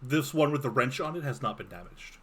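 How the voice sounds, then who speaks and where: A man's voice: mid-range voice, expressive, fairly quick, fairly bright tone, slight background noise. A man narrating as dungeon master in a casual tabletop game session, laughing often.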